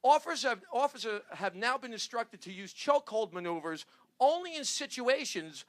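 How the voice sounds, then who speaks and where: A man hosting a comedy show, reading news jokes to his panel in a rambling, halting way and laughing at his own punchlines. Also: very high-pitched, expressive. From New Jersey.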